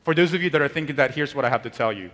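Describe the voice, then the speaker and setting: A man's voice: medium pitch, very fast, fairly bright tone. A man preaching as a priest, talking conversationally and joking with the congregation. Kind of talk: sermon. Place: church. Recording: long church reverb.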